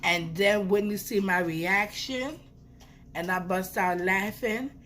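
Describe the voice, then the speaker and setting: A woman's voice: mid-range voice, takes it slowly, a bit bright, slight background noise. A young woman, telling a playful storytime vlog with swearing. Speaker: vlogger. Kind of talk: casual storytime.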